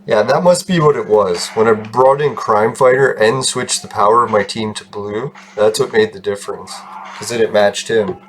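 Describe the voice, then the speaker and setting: A man's voice: lowish voice, moderate pace, a little hiss or hum. A man casually commenting on his own gameplay, rambling, laughing often and swearing. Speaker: gaming video host.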